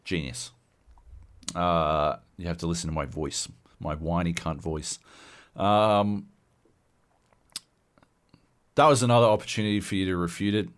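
A man's voice: deep voice, a little slow, long pauses. A man co-hosting a casual podcast, ranting loosely and swearing a lot. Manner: profane, animated ranting. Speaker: podcast co-host.

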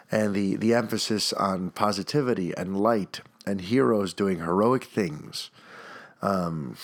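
A man with a stuffed-up nose hosting a solo podcast, talking in a rambling, enthusiastic way with many restarts. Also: fairly low pitch. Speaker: podcast host.

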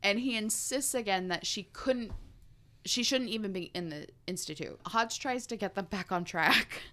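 A woman's voice: medium pitch, moderate pace, sharp tone. A woman co-hosting a casual podcast, recapping a book chapter in a chatty way and laughing often. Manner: chatty, laughs often while recounting the story. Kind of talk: casual chat.

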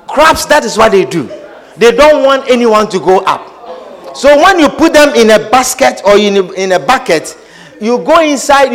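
A man pastor preaching a sermon, calling questions out to the congregation, dropping into quiet asides and then shouting with laughter. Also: very high-pitched, low-quality recording. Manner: call-and-response preaching, asks the congregation questions; swings between quiet asides and shouted emphasis, laughing often. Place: church hall before a congregation. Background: congregation responding.

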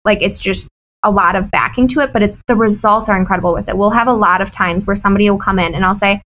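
Guest, woman, wellness business owner: quick, candid, chatty, lots of fillers. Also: medium pitch, a bit bright, slight background noise, rough recording. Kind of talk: casual interview chat.

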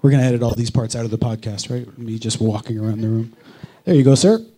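A man's voice: medium pitch, fairly even intonation, quick pace, mellow. A man moderating a live panel, upbeat and joking as he hands the mic around the audience. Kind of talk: live event hosting.

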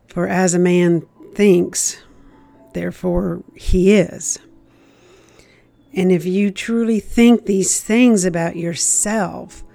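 A woman's voice: on the low side, fairly even intonation, slow, vocal fry, mellow, no room sound, faint music behind. A woman giving a casual Christian devotional talk, speaking conversationally and often repeating herself as she acts out an inner accusing voice.

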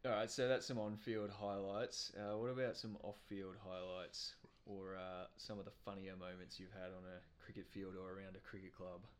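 A man's voice: deep voice, flat delivery, normal speed, hardly any pauses. A man hosting a casual interview, chatty with joking asides. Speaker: podcast host.

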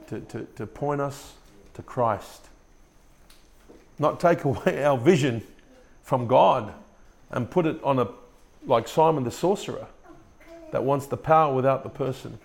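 Gravelly, preaching male pastor. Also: mid-range voice. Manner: repeats words and restarts, asks the congregation questions. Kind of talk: sermon. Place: church room with a congregation.

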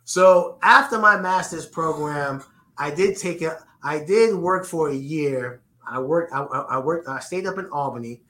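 An earnest interview guest from the Bronx talks in an unhurried, pushed, bright voice on the high side, his New York accent clear. The room is reverberant, and he often repeats words while searching for the right phrasing.

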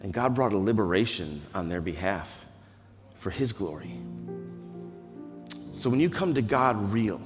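A man preaching a conversational, earnest sermon that swings between hushed, quiet passages and loud, raised ones. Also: fairly low pitch, animated, a little slow, pauses often, over music. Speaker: pastor. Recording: long reverb of a large hall.

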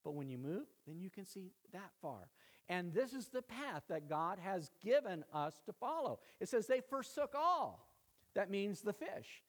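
A pastor delivers a sermon in a conversational style, his voice high-pitched and sing-song at a normal speed. He keeps checking in with listeners, often tossing in a "right?"

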